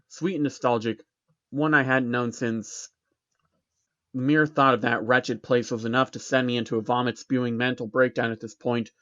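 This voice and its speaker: A man's voice: medium pitch, a bit bright. A man narrating a first-person horror story in a tense, dramatic storytelling voice. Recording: dull recording with background music.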